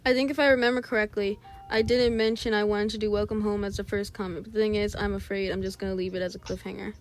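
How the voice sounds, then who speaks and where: A young woman chatting casually while she draws, rambling and talking to herself as she works, now and then mimicking her characters in a higher voice. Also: flat delivery, fast. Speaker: artist streaming a drawing session. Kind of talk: casual chat while drawing.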